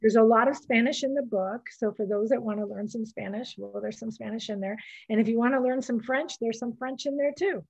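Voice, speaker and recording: A woman's voice: on the high side, a little fast, gravelly, few pauses, breathy edge, muffled recording. A woman appearing as an author guest on a podcast, speaking in an earnest, heartfelt way. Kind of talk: casual interview chat.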